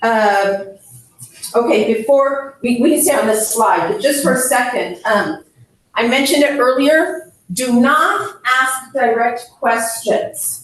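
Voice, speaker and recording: A woman leading a caregiver seminar, frank and lively, who laughs often and acts out scenes. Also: fairly high pitch, takes it slowly. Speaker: hospice educator. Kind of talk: seminar talk. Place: seminar room. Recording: echoey room from far off.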